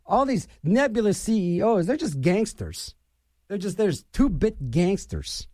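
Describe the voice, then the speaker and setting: A man's voice: sits high, sing-song, measured pace, darkish tone, dry recording, clean studio sound. A middle-aged man hosting a radio show and delivering an opinionated political rant, scornful and repeating his phrases for emphasis.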